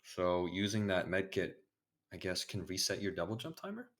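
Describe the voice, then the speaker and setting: A man's voice: sits low, very animated, normal speed, a bit bright. A man commentating a game tournament casually, reading out times and explaining the moves over a noisy voice chat recording.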